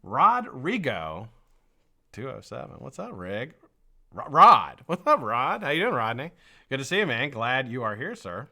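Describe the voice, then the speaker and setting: A man's voice: medium pitch, big pitch swings, measured pace, sharp tone. A man hosting a casual live stream, energetically greeting viewers one by one, with a frog in his throat.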